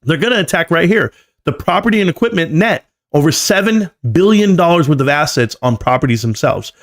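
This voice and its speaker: A man's voice: fairly high pitch, lively intonation, fairly quick. A man giving live stream market commentary, emphatic and lecturing, often repeating key numbers. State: coughing, choked up.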